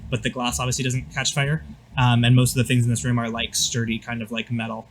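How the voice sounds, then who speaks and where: A man's voice: medium pitch, monotone, quick pace, slight background noise, poor audio. Guy game master narrating the scene, rambly with lots of um and like. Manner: loose, filler-heavy description.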